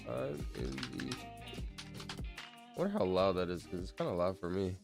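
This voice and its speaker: A man's voice: low voice, very animated, very fast, music in the background. A young man streaming, chatting casually in a rambling, slangy way and calling people bro. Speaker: streamer counting out loud. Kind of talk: casual livestream chat.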